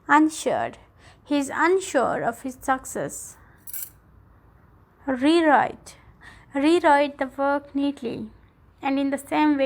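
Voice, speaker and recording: Slow, high-voiced woman teaching grammar. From Pakistan. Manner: slow, careful explaining, spelling out letters. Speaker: English teacher. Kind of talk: recorded grammar lesson.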